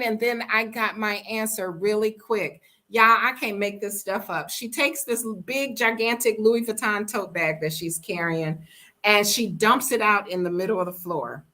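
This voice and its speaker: An American woman telling a story in a casual storytime vlog, blunt and animated, acting out the quoted dialogue. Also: medium pitch, normal speed.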